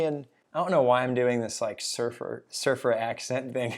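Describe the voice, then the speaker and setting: Guy doing his own video talk, mid pitch, pumped and jokey, leans hard on words. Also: moderate pace. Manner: energetic, jokey, emphatic. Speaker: blogger and video host. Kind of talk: casual solo talk to camera.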